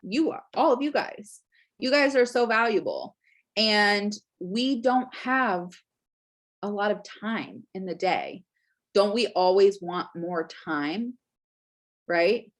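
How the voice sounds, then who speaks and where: A young woman talking straight to her camera at home in a relaxed, chatty way. She leans on fillers and keeps checking in with "right?" and "okay?". Her voice sits at an ordinary middle pitch. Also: slow. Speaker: Scentsy consultant giving business tips. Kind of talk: casual chat to camera.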